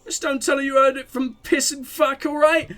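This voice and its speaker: A man's voice: very high-pitched, flat delivery, moderate pace, fairly bright tone, pitched above the performer's own voice. A man voicing a nervous young male punk who pleads and panics. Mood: pleading.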